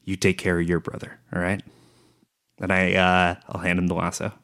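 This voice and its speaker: A man playing a tabletop game who speaks his character in a low-key, unhurried way. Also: completely flat delivery, a bit bright. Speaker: player.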